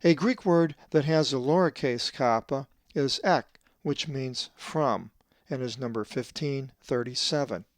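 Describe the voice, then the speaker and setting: Brief: male teacher, mid-pitched, dry close sound, measured and methodical, stretches out the example words. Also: no echo. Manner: methodical, drawn-out slow stress on Greek words. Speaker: Bible translator teaching Greek pronunciation. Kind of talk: scripted teaching lesson.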